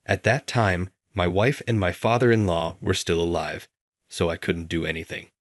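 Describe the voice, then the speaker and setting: An older company president speaks with earnest remorse in a storybook narration, voiced plainly by a man. The voice sits very low and sounds dry and close, with no room around it. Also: steady tone, moderate pace, dry recording. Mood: remorseful.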